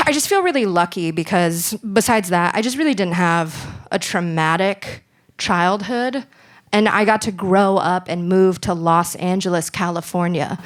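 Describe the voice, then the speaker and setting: A young woman performing a stand-up set on a club stage, dry and deadpan with bursts of laughter. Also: fairly low pitch. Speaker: stand-up comedian.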